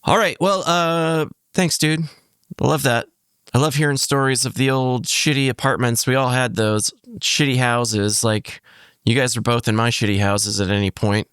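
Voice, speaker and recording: A man's voice: medium pitch, fairly even intonation, moderate pace, fairly bright tone, clean tone, no room sound, clean studio sound. A man co-hosting a podcast, joking around in laid-back banter with his friends. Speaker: podcast co-host.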